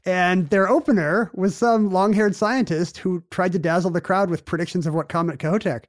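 A man's voice: high-pitched, fairly even intonation, fairly quick, no echo, clean studio sound. A man co-hosting a comedic chat, cracking wry jokes and jumping in with quips. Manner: wry, joking, jumps in with quips. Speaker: co-host. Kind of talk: comedic banter.

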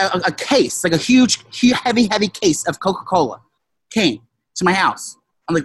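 A casual, profane storyteller who rambles with many restarts and shouted quotes. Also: male voice, high voice, sing-song, normal speed, a little hiss or hum. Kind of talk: casual chat.

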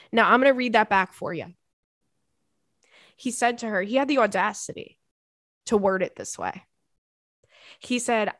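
A woman's voice: medium pitch, normal speed, pauses often, fairly bright tone, no room sound, studio quality. A woman in her thirties hosting a podcast, reading listener emails in a casual chat full of laughing tangents and swearing.

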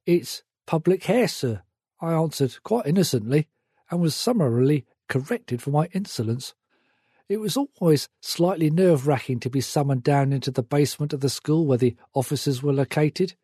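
A man narrating a memoir in a measured, reflective way. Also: on the high side, expressive, warm tone, slightly rough, no room sound, clean studio sound.

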